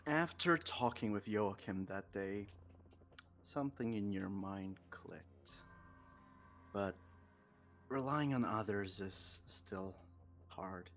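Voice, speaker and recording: A man narrating as game master of a tabletop game, setting scenes in a measured, unhurried way. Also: on the low side, fairly bright tone, soft background music.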